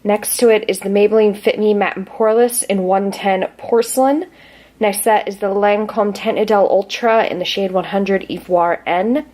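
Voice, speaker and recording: A woman's voice: medium pitch, fairly even intonation, normal speed, darkish tone. A woman reviewing a foundation in a casual beauty vlog, chatty and apologetic, with the hiccups. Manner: chatty, apologetic, reads labels aloud. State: has the hiccups. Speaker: beauty vlogger.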